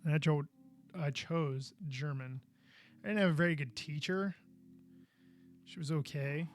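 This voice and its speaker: A man's voice: on the high side, a little slow, faint music behind. A man hosting a live podcast, chatting casually and goofily while he builds, with frustrated outbursts. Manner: goofy, chatty, exclaims in frustration. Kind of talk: casual live-stream chat.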